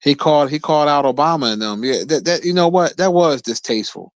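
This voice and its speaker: A man's voice: a little high, animated, quick pace, no room sound. A man streaming casual commentary, blunt and profane, who often stumbles and repeats words at the start of his sentences. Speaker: streamer host.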